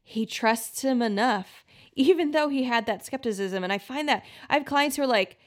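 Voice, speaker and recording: A woman's voice: fairly high pitch, normal speed. A woman hosting her own podcast as a health practitioner, talking casually with lots of fillers and acting out quoted voices. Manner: chatty, many "like" fillers, acts out quoted voices. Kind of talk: casual solo podcast talk.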